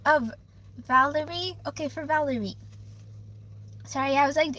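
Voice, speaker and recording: A woman's voice: sits high, normal speed, sharp tone, rough recording. A young woman live-streaming a tarot reading, speaking emotionally, stammering and repeating herself. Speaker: livestreamer giving tarot readings.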